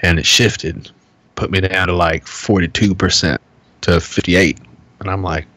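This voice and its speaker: A man with a fairly low voice tells a story on a podcast, full of swearing and quoted back-and-forth. The sound is dry, with no room around it. He talks in a loose, worked-up casual way. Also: fairly even intonation, unhurried, sharp tone, dry recording. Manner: profane, heated storytelling with acted-out quotes. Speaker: podcast co-host. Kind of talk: casual chat.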